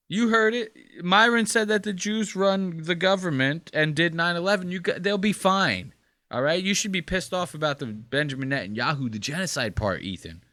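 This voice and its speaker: Male podcast co-host, lively swearing rants, bright edgy tone, dry close mic. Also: a little high, moderate pace, no room sound. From Puerto Rican. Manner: animated, swearing, ranting with mock quotes. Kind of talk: casual podcast chat.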